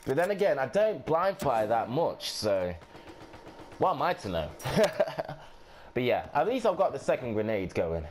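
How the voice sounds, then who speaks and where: A man's voice: mid-range voice, very animated, unhurried. A man giving casual, offhand gameplay commentary, swearing and thinking aloud as he plays.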